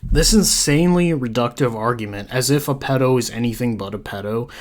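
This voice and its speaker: Woman, reaction host, very low voice, profane rant, sarcastic insults. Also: fairly quick, a little mellow. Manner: crude, insult-heavy, sarcastic. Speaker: commentary channel host.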